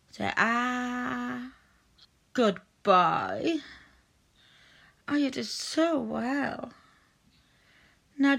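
A woman's voice: on the high side, vocal fry, fairly bright tone. A woman performing an intimate audio role-play, speaking in a coaxing, teasing and doting way.

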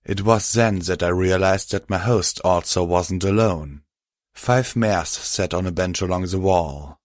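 A man reading a fan-fiction story aloud with a lively, expressive delivery. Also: low voice, measured pace, no room sound, clean studio sound. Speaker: audiobook narrator.

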